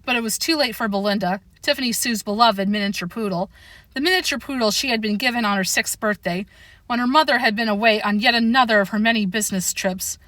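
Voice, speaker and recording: A woman reading a children's chapter book aloud as narrator, in a steady read-aloud manner. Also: a little high, fast, no room sound. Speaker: audiobook reader. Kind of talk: storybook narration.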